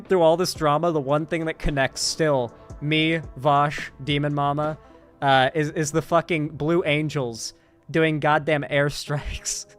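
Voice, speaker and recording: Profane man streaming political commentary. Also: on the high side. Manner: rambling, profane, sarcastic asides. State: sore throat. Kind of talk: casual live-stream commentary.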